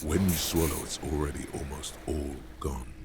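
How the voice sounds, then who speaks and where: Grave game narrator; extremely deep, slow and poetic, with faint noise underneath. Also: male voice, steady tone. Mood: solemn. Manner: slow, weighty, poetic delivery. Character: solemn older male game narrator, grave and knowing. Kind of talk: scripted dramatic narration.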